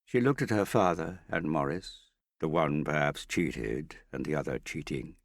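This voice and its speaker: A man reading a novel aloud as narrator, in a measured, even storytelling manner. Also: rumbling low, no echo, studio quality. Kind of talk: audiobook narration.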